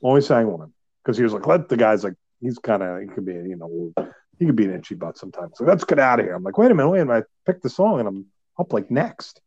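A man's voice: fairly low pitch, very animated, fast talker, a little mellow, slightly rough, dry recording. A man co-hosting a podcast in casual chat, chatty and playful, laughing often. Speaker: podcast co-host. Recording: dull lo-fi sound.

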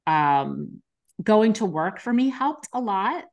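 A woman's voice: medium pitch, sing-song, slow, creaky. A woman, a nurse and podcast co-host, telling her own story in an open, reflective way. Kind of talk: candid conversation.

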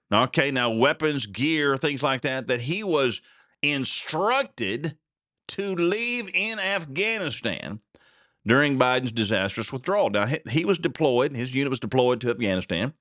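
A man's voice: medium pitch, lively intonation, measured pace, a bit bright, no echo, studio quality. A man hosting a solo commentary podcast, rambling and indignant, his voice jumping up sharply when he gets outraged. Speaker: podcast host. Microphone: desk mic with a censor button.

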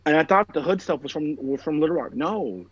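A man's voice: a little high, animated, fairly quick, slightly rough. A man in casual chat, telling stories in a rambling way, heavy on fillers and swearing. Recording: dull lo-fi sound, dry room.

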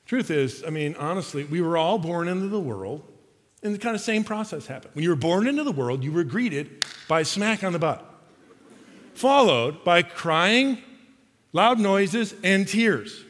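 Guy pastor giving a sermon, kinda high voice, long echo in the hall, gets loud then real quiet and slow. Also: animated. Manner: dramatic shifts between loud emphasis and soft slow delivery.

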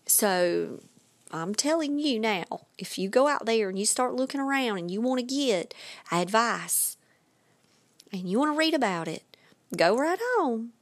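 A woman hosting a podcast, giving casual, emphatic writing advice with quick asides. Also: fairly high pitch, expressive, no room sound. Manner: chatty, emphatic, with dropped asides. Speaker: podcast host and writing coach.

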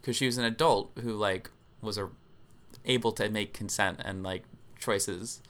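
A man's voice: on the low side, fairly even intonation, moderate pace, fairly bright tone. A man co-hosting a podcast, explaining at length in casual chat with frequent ums. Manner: explanatory, many filler ums. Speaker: podcast co-host.

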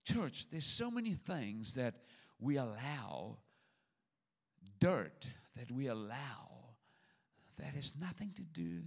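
A man's voice: mid-range voice, takes it slowly, creaky. Older guy pastor, sermon, voice swings way up and down, joking, repeats himself. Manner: lively, humorous preaching with repetition and stammered restarts.

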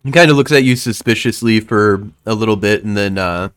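A man's voice: lowish voice, a little fast, a bit bright, clear, resonant tone. A man narrating a tabletop game as game master, casual and loose.

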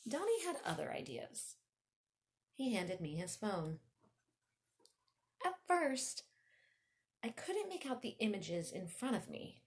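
A woman host telling a first-person story, animated, breaking off into chatty asides. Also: mid-range voice, slow pace, long pauses.

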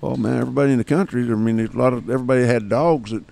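A man's voice: medium pitch, racing, a little mellow. A man in his seventies from Kansas, a guest telling folksy hunting stories in casual talk. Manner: folksy yarn-spinning with rough grammar. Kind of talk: casual storytelling.

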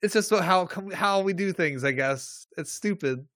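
A man's voice: sits high, moderate pace, fairly bright tone, dry recording, studio quality. A man co-hosting a podcast who mocks a TV episode with sarcastic jokes in a casual chat. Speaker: podcast co-host.

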